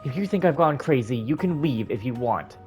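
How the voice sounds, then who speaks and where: A man's voice: medium pitch, lively intonation, brisk, a little mellow, faint music behind, pitched above the performer's own voice, natural voice. A man voicing an emotional, grieving man who pleads for help in a video game. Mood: distraught. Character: distraught grieving man, haunted by the past.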